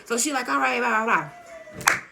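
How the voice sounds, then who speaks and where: A young woman telling a story in a casual, animated and slangy way, often laughing. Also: fairly high pitch, moderate pace, vocal fry, noisy background. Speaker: vlogger.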